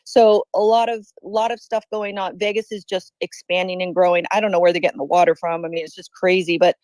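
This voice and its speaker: A woman's voice: lowish voice, level tone, brisk, a little mellow, no echo. A woman speaking as a guest on a casual podcast, chatty and enthusiastic, leaning on fillers like "you know what I mean".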